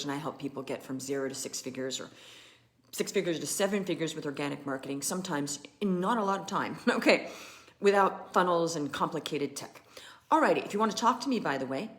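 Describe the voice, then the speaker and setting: A woman business coach talking in a chatty, animated and emphatic way to viewers of a live stream. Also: lowish voice.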